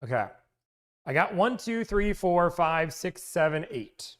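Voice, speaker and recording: A man's voice: sits high, sing-song, measured pace, a bit bright. A man hosting a casual livestream, rambling and interrupting himself as he chats with viewers about car deals. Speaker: car-buying negotiation service host.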